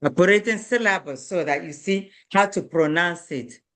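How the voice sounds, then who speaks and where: A woman teaching an online beginner language class, repeating each word slowly and spelling out syllables for learners, firm when children stop paying attention. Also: lowish voice, fairly bright tone. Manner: slow, repeats words and stresses syllables for learners; firm with children who do not pay attention.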